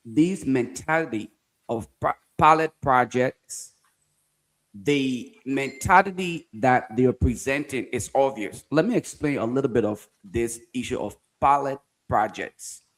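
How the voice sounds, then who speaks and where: Deliberate talk show host. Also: male voice, medium pitch, a bit bright. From Liberia. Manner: deliberate, argues with rhetorical questions. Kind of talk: political talk show discussion.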